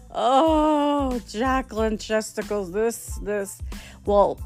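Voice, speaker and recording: A fairly low, creaky, somewhat mellow female voice belongs to a middle-aged storyteller host recounting her own comic mishaps. In this casual storytelling, she mocks herself, laughs frequently, and acts out the voices of those she quotes.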